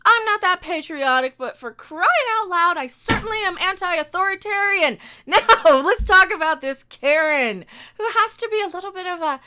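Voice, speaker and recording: A woman's voice: extremely high pitch, expressive, moderate pace, sharp tone. A woman streamer ranting sarcastically through a live reaction stream, talking back at the video and sometimes tripping over her words.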